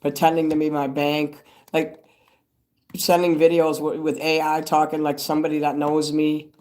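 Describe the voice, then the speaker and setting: A man's voice: on the high side, monotone, normal speed, darkish tone. An older man hosting a casual livestream, chatting in a meandering way, swearing freely and answering viewers' comments. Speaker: livestream host. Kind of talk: rambling livestream chat.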